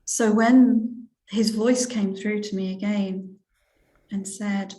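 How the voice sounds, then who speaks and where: Slow, heartfelt older English woman. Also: medium pitch, steady tone, warm tone. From England. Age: 60s. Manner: slow, hesitant, heartfelt, with many fillers and restarts. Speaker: reverend, interview guest. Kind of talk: personal spiritual testimony in an interview. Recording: roomy echo.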